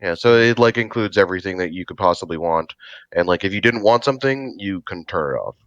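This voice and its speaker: Very deep man, muffled dry call audio. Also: lively intonation, fast, fairly bright tone, no room sound. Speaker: guest player. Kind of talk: casual chat.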